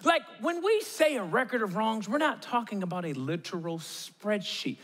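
A man with a high-pitched voice delivers a sermon in a loose, conversational way. He breaks it up with joking asides and plays out the quotes. His voice carries a long reverb, as in a large hall. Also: very animated, moderate pace, fairly bright tone. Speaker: pastor.

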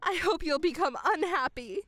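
A woman's voice: extremely high pitch, lively intonation, moderate pace, fairly bright tone, dry recording, faint music behind. A woman voicing a self-pitying, controlling middle-aged mother who whines and stammers in outbursts, in a dramatized story. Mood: angry.

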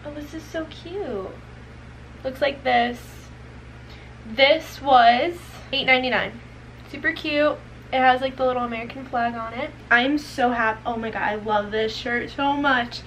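A nineteen-year-old beauty and fashion vlogger chats through a casual try-on haul, expressive and talkative, with "like" in every sentence. Her voice is high and bright at a normal pace, and the rough recording carries a faint background hiss.

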